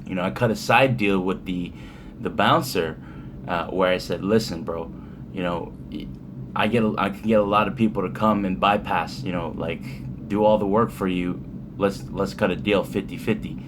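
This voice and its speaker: A man's voice: low-pitched, normal speed, noisy background. Laid-back man telling a profane story. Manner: laid-back, profane, rambling with many fillers. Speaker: vlogger. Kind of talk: casual storytime.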